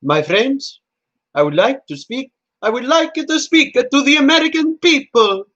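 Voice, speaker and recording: A man's voice: extremely high pitch, animated, a little slow, a bit bright, pitched above the performer's own voice, exaggerated voice. A man doing a mock impression of a pompous older Italian dictator making a grandiose speech to Americans. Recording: dull lo-fi audio.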